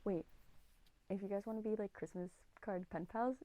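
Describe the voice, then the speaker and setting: Young woman gushing and rambling on her podcast, excitable, super dry close sound. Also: mid-range voice, brisk, no room sound. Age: 20s. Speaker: podcast co-host. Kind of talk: casual solo podcast chat.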